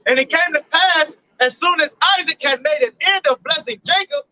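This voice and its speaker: A man reading scripture aloud in a steady voice and answering with quick "yep"s. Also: very high voice, dry recording. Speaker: scripture reader. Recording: dull, lo-fi mic with faint noise.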